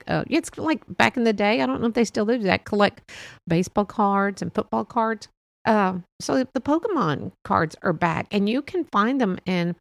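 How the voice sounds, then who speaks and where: A woman's voice: mid-range voice, creaky, no room sound. A middle-aged woman hosting her own podcast, chatting loosely about toys with frequent laughs and rambling restarts. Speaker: podcast host. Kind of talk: casual solo podcast chat.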